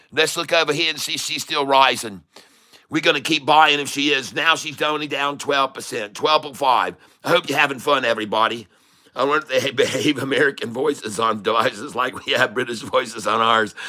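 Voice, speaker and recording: A man's voice: medium pitch, normal speed, sharp tone. A middle-aged man hosting his channel, giving live trading commentary and urging viewers to buy and sell. He repeats himself and sometimes jokingly puts on a foreign accent. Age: middle-aged or older. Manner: puts on a playful foreign accent to mix things up; repetitive, hype-style urging to buy and sell. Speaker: day trader and channel host.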